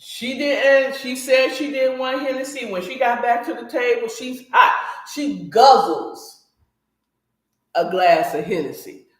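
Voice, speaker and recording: A book recap host casually retells a story with blunt, opinionated commentary, speaking animatedly and directly to her listeners. Her voice is on the high side at a measured pace, and the recording carries a roomy echo.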